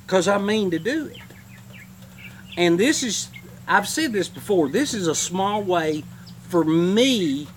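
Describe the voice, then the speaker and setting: A man's voice: high voice, slight background noise. A man hosting a homesteading channel, telling rambling, heartfelt stories in a casual livestream.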